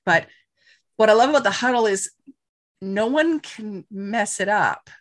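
A woman's voice: mid-range voice, expressive, unhurried. A woman hosting a podcast interview, affirming her guest with many short agreements. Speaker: podcast host.

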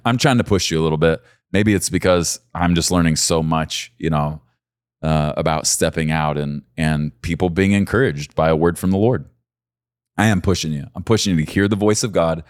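A man in his forties preaching a sermon, talking to his listeners directly and pushing his voice up high and loud when he urges them on. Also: no room sound, studio quality. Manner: emphatic, rises to high excited peaks when urging listeners.

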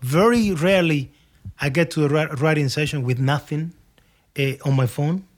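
A man from Cuba, a guest musician in a casual interview over a video call, telling animated stories with frequent restarts and acted-out dialogue. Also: fairly high pitch, normal speed.

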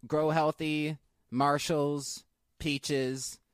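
A man co-hosting a casual podcast, telling a profane, animated story and bursting into high laughs. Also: extremely slow, clean tone, dry recording, studio quality. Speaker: podcast co-host. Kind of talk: casual chat, storytelling rant.

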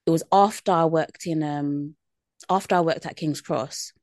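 A woman's voice: sits low, normal speed, a little mellow, no room sound, clean studio sound. Laid-back woman telling a story. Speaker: podcast co-host. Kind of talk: casual chat.

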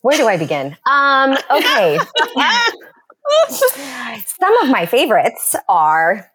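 A woman doula talking as a podcast guest, enthusiastic and animated, acting out little quotes as she goes. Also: on the high side, takes it slowly, husky. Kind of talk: casual podcast chat.

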